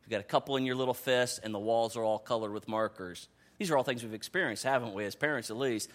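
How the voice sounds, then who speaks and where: A man in his thirties preaching a sermon in a conversational, animated way, dropping to soft asides and rising to excited calls. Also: medium pitch, quick pace. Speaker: pastor.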